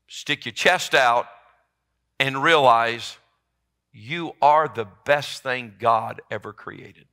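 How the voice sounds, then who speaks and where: A man preaching a sermon as pastor, swinging from loud emphatic peaks down to low, quiet lines. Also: slow. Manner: impassioned, rising to loud emphatic peaks then dropping low.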